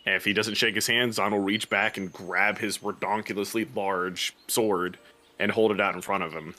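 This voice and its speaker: Deep bright-toned man playing a tabletop game. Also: steady tone, moderate pace. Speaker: player.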